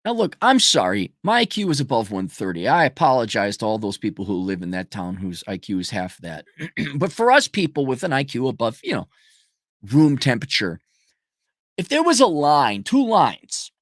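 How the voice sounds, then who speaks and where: A man's voice: mid-range voice, huge pitch swings, normal speed, no room sound, clean studio sound. Blunt, sarcastic man ranting. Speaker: commentator. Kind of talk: casual ranting monologue.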